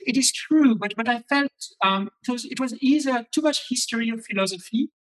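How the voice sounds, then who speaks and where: A man's voice: very high-pitched, brisk, a bit bright, poor audio. A middle-aged man from France with a French accent, answering interview questions as a philosophy professor, thoughtful and prone to repeating himself as he restarts sentences. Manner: thoughtful, with frequent repetitions and restarts.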